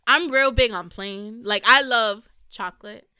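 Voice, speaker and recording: A woman's voice: a little high, measured pace, bright, forceful tone, clean tone, no room sound, clean studio sound. A woman, a podcast guest chatting casually, frank and profane, telling stories with animation. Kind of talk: casual chat.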